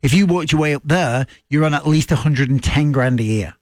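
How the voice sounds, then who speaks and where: A man with an English accent co-hosting a radio show, chatting casually and playfully with his co-host and slipping into quick impressions. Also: on the high side, no echo, studio quality. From England.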